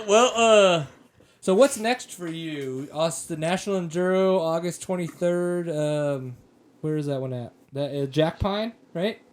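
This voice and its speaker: A man's voice: fairly high pitch, measured pace. An American man hosting a casual podcast, rambling and joking with plenty of fillers. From United States. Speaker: podcast host.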